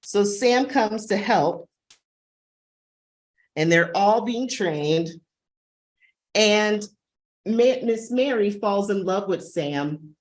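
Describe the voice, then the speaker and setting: A woman's voice: mid-range voice, expressive, extremely slow, pauses often. A woman librarian giving a chatty, enthusiastic booktalk on a video call webinar. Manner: enthusiastic, chatty, acts out dog sounds.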